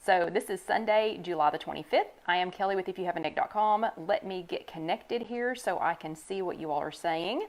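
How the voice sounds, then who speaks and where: A woman's voice: lowish voice, a little fast, few pauses. An older woman hosting a live online chat from home on a new desk microphone, chatty and reading viewers' comments aloud as she greets them by name. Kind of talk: casual live-stream chat.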